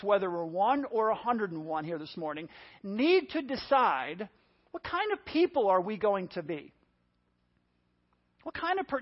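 A man preaching a lively children's sermon, telling a Bible story and acting out its quotes with animated storytelling. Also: sits high, dull audio. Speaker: pastor.

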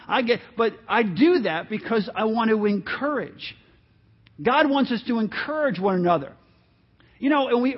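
Earnest male pastor, high voice, conversational sermon, dull lo-fi church recording. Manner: earnest, encouraging, conversational with asides. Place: church sanctuary.

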